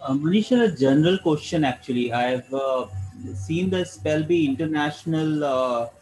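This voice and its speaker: A man's voice: on the high side, normal speed, darkish tone, faint music behind, rough recording. A man asking a question on a video call, hesitating with a lot of fillers.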